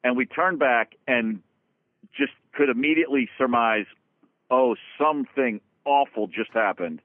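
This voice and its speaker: A man, a guest drummer, tells road stories in an animated, casual way, swearing freely and restarting his sentences. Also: mid-range voice, unhurried, no room sound. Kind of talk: casual storytelling interview. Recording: dry, phone-like lo-fi sound.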